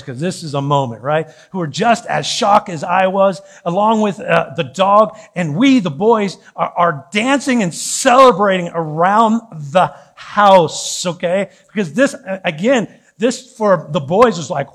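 Male pastor, higher register; playful, self-mocking sermon storyteller speaking in church. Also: moderate pace. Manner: animated, joking personal storytelling with laughter.

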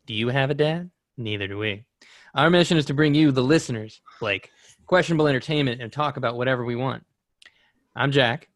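A man's voice: mid-range voice, brisk, no room sound. Young guy w a slight lisp hosting a podcast, jokey, dry close sound. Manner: jokey, laughs often. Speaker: podcast host. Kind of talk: casual chat.

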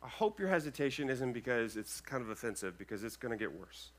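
A male pastor preaching a sermon to his congregation, earnest and emphatic, with loud peaks and quiet asides, checking in with the room. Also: medium pitch, very animated, quick pace. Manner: addresses the congregation with checking questions. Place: church sanctuary, speaking over a sound system.

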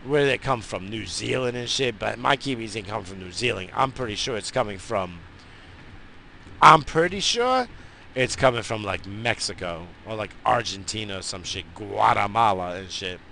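Profane rambling man with a bright voice. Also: lowish voice, normal speed, vocal fry, slight background noise. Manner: profane, rambling, animated rants. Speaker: vlogger. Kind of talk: rambling stoned casual chat. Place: in a parked car.

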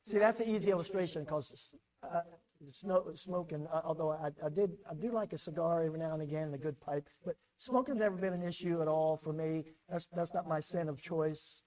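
A middle-aged American pastor delivering a sermon in a fairly high voice. He often repeats words as he builds a point, and he moves between loud emphasis and quiet, measured passages.

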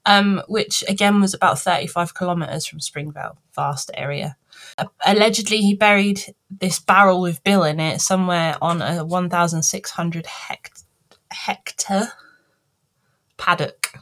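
A woman telling a true-crime story on a podcast in a chatty, animated way, acting out people as she goes. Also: lowish voice, unhurried.

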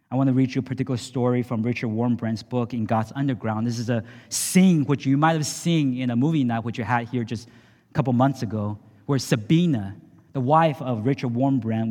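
A man preaching a sermon, reading a story aloud with dramatic emphasis and ending in prayer. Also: mid-range voice. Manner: reads the story dramatically, rising loud for quoted speech. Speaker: pastor. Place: church sanctuary with long reverb. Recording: church hall reverb.

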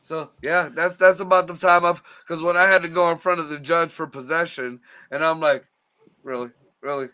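A man's voice: a little high, steady tone, fairly quick, few pauses, bright, forceful tone. A man as a podcast guest, telling laid-back stories and swearing freely. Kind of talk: casual podcast chat.

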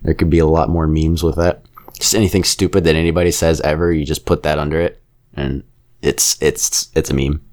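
A man with a very low, deep voice talks through a film in loose, casual podcast chat. He rambles from point to point, sharing blunt opinions and now and then dropping into quick impressions of characters. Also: flat delivery, darkish tone. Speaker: podcast co-host reviewing a film.

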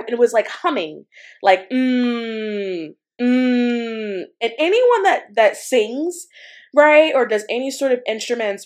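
A woman casually telling a personal spiritual story. She rambles, often saying "like" and "um" and restarting her sentences. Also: fairly high pitch. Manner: rambling, many fillers and restarts. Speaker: spiritual channeler.

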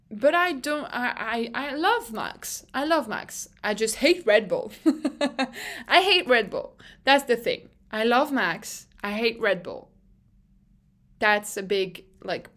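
Animated, opinionated young woman podcaster. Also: fairly high pitch. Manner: animated, opinionated, swears freely. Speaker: podcast host. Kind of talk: casual solo podcast monologue.

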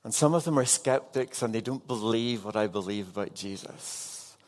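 A man's voice: lowish voice, normal speed, a little mellow. A man preaching an evening sermon as a pastor, earnest and putting direct questions to his congregation.

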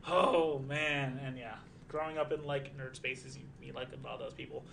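A man's voice: mid-range voice, flat delivery, brisk, gravelly, pushed and bright. Male streamer, twenties, loose profane chatter, light background noise. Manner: rambling, profane, lots of fillers. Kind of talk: casual chat.

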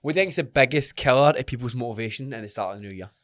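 A man's voice: mid-range voice, rapid-fire, a bit bright, no echo. A man co-hosting a casual podcast as a fitness coach, blunt and sweary, often answering with short agreeing replies.

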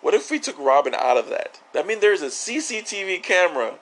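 A man's voice: high-pitched, big pitch swings, a little fast, a bit bright. A man co-hosting a podcast, chatting casually about a TV episode, jokey, swearing and laughing often. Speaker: podcast co-host. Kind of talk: casual chat reviewing a TV episode.

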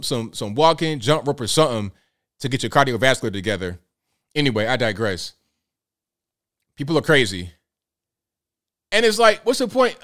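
With a mid-range, slightly bright voice, a man runs a live show where he reacts to clips. His style is jokey and slangy, and he laughs frequently.

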